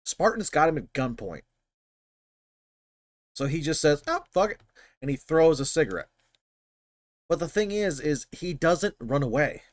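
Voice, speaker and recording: A man talks through a film scene in relaxed, rambling commentary, his voice rising and falling in a lively way. He swears freely and circles back on his words. The sound is close and dry, with almost no room echo. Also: on the high side, a little slow, pauses often. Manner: rambling, profane, animated. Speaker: channel host. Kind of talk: casual explanatory commentary.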